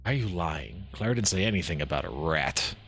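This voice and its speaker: A man streaming a game live, reading the dialogue aloud with quick asides and frequent laughs. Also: low-pitched, animated, fairly bright tone, slightly rough, soft background music.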